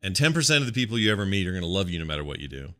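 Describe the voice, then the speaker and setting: Lower-voiced man, bright and forceful. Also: sing-song, very fast. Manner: rambling and gesturing with his hands. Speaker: podcast co-host. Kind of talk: casual chat.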